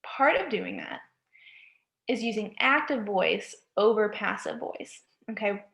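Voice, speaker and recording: A woman instructor delivers a recorded writing lecture, pausing to check in with "okay?" and catching her own slips as she goes. She talks slowly, with a gravelly fry in her voice. The sound carries a noticeable room echo. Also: medium pitch, animated, fairly bright tone. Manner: checks in with frequent "okay?", corrects herself mid-sentence. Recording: echoey room.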